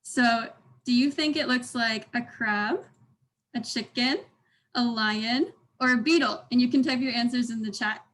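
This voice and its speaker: A woman's voice: a little high, unhurried, a bit bright, rough recording. A young woman teaching an online language workshop over a video call, upbeat and encouraging, modeling sounds for the class to repeat. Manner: upbeat, encouraging, demonstrates tones aloud.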